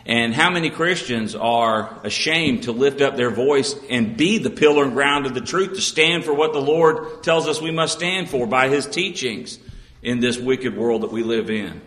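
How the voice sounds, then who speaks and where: A man preaches a sermon at an ordinary middle pitch, earnest and steady, often stopping to read scripture and pose rhetorical questions. His voice rings through a large, echoey hall with a long reverb tail.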